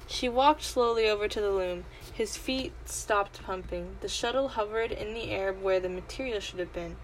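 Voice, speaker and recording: A woman reading a storybook aloud, expressive and lively, with a mid-range voice. She narrates in an animated way. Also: medium pitch, normal speed, slight background noise, low-quality recording.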